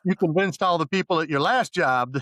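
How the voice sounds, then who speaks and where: A man's voice: a little high, moderate pace, fairly bright tone, dry recording. A man co-hosting a podcast in casual chat, making wry points by arguing both sides of a question. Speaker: podcast co-host.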